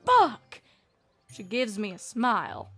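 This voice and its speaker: A woman's voice: a little high, wildly swooping pitch, takes it slowly, pushed and bright, breathy edge, exaggerated voice. A woman voicing a young female farm pony who plays at being an outlaw, with a Southern drawl and a grumbling, boastful way of talking, in a fanfic audiobook reading. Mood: grumbling brag. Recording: faint music behind.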